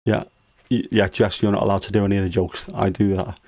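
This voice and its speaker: A middle-aged man hosts a relaxed livestream from home, cracking dad jokes and ribbing his kid. His voice sits low and sounds close and dry, with no room echo. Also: quick pace. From United Kingdom. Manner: teasing, jokey dad humor. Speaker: livestream host. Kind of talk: casual livestream chat.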